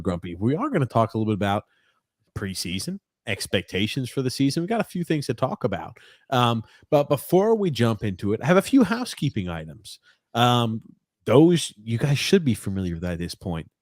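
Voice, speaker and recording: Male sports podcast host, chatty and animated, dry close sound. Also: mid-range voice, no room sound. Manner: energetic, chatty, swears casually. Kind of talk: casual podcast chat.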